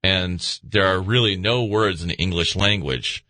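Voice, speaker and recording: A man hosting a late-night talk radio show, talking through a rambling, animated monologue. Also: normal speed, no echo. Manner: animated, rambling, acts out voices in high pitch.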